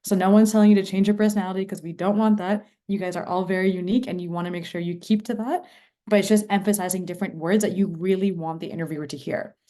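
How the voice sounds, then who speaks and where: A woman's voice: medium pitch, steady tone, fast talker, mellow. A woman presenting an online mentorship workshop over a video call, talking with enthusiasm and emphasis.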